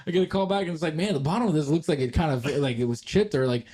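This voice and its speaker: Casting note: young guy on a podcast, a bit higher voice, rambling swear-heavy story with lots of laughs. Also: animated, rapid-fire, warm tone, slightly rough. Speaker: podcast co-host. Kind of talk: casual chat storytelling.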